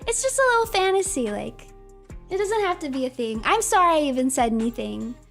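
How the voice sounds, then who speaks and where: Girl doing a sweet clueless boyfriend, soft and sorry-sounding, kinda high voice, faint music. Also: sing-song, brisk, gravelly, full character voice. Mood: reassuring. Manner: gentle, apologetic, reassuring.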